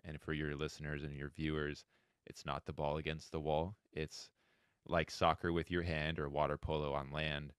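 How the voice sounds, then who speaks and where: A man's voice: normal speed, no echo, clean studio sound. A man in his thirties from Florida, a coach telling stories as a podcast guest and acting out quoted dialogue. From Florida, USA. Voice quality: very deep, smooth voice. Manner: animated storytelling, acts out quoted dialogue. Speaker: guest, wheelchair handball head coach. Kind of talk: podcast interview storytelling.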